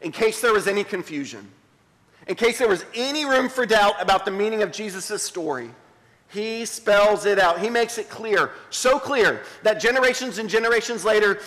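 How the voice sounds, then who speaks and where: A pastor preaching a sermon, dramatic and emphatic, dropping to a hushed voice for scripture. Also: male voice, high-pitched, in a large hall. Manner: dramatic, drops to a hushed voice when reading scripture. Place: church sanctuary.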